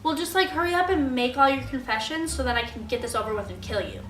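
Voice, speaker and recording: A woman voicing a jealous, blunt warrior husband, speaking flatly. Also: high-pitched, quick pace. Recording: roomy echo, faint music.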